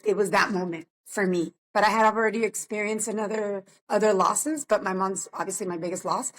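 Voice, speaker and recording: A woman co-hosts a podcast in casual chat, at a middle pitch. She speaks in a reflective, subdued way as she tells her story. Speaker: podcast co-host.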